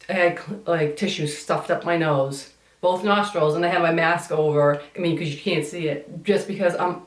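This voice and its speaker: A woman chatting while doing her makeup in a get-ready-with-me vlog, rambling and complaining, swearing casually. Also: sits low. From United States. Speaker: beauty vlogger. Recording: echoey room, somewhat far from mic.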